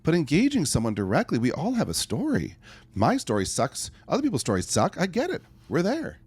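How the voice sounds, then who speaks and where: Brisk and slightly rough, this man's voice sits on the high side with a darkish tone and huge swings in pitch. He's a middle-aged life coach guesting on a podcast, earnestly telling stories with acted-out asides in a conversational answer.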